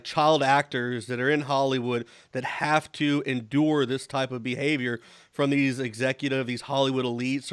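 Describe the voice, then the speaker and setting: A man's voice: medium pitch, dry recording. Rambling, chatty male interviewer, dry sound. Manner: conversational and rambling, many fillers. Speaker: show host, interviewer. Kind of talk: casual interview, anecdote telling.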